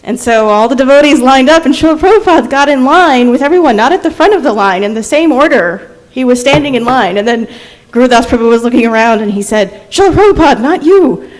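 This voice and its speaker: A woman in the audience telling a story in a lively way. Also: on the high side, fast talker, low-quality recording. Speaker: audience member sharing a story.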